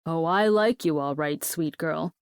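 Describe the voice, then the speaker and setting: A woman's voice: sits low, measured pace, clear, resonant tone, no room sound, clean studio sound. A woman reading the lines of a cocky, protective young man in an audiobook romance, blunt and teasing, swearing freely.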